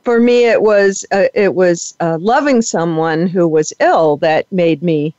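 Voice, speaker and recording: A man hosting a casual interview, talking hesitantly with many pauses and soft laughs. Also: high voice, dry recording. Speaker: podcast host. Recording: dull lo-fi, dry audio.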